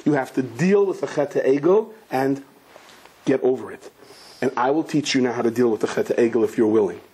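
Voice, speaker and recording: A man, a rabbi, giving an animated Torah lecture full of storytelling and Hebrew and Yiddish terms. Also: brisk, slightly rough. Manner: acts out the characters in a story with sudden high, shouting outbursts; sprinkles Hebrew and Yiddish terms into his English.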